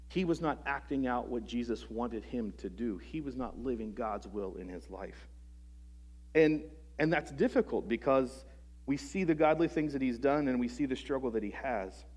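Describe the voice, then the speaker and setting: A male preacher speaking at an ordinary, mid-range pitch, earnest and searching as he works through his point. He often stumbles and restarts a phrase, and he drops softly at the ends of lines. He keeps turning rhetorical questions back to the people in the pews. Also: lively intonation. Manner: halting restarts, soft trailing phrase ends. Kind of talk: sermon. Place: church service before a congregation.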